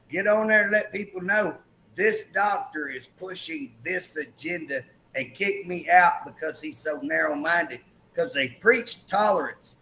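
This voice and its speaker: A man's voice: on the high side, measured pace, gravelly, bright, forceful tone, poor audio. A male talk show host chatting emphatically, retelling a story and acting out the quotes. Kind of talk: political talk show chat.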